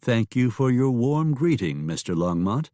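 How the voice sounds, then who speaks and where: A man voicing a refined young wife on the frontier, soft and polite, in an audiobook. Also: mid-range voice, very animated, measured pace, no echo, studio quality. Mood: gracious.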